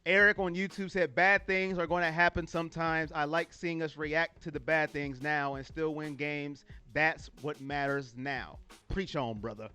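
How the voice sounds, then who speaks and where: A man's voice: fairly high pitch, fairly even intonation, moderate pace, pushed and bright, clear, resonant tone, soft background music. A man from California hosting a sports fan livestream, talking casually and emotionally, laughing easily and greeting viewers as he reads their comments. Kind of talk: casual livestream talk reading chat comments.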